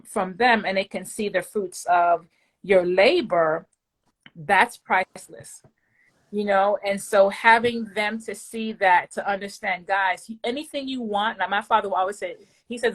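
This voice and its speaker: Excited lady gushing about her business win, repeats herself when she's moved. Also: mid-range voice, normal speed. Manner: effusive, animated, faith-filled. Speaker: client giving a testimonial. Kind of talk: emotional testimonial chat.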